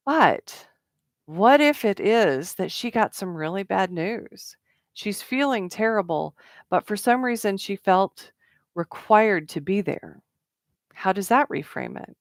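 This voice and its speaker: Speaking slowly and expressively at a medium pitch, a middle-aged networking coach talks to camera in a relaxed, conversational way. She leans on fillers and acts out quotes as asides, and the studio-quality recording carries no room sound.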